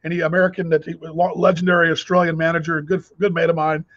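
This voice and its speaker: A man's voice: fairly high pitch, little pitch movement, fast talker, a bit bright, lo-fi sound. A man hosting a casual video call chat, telling rambling stories full of restarts. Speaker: host.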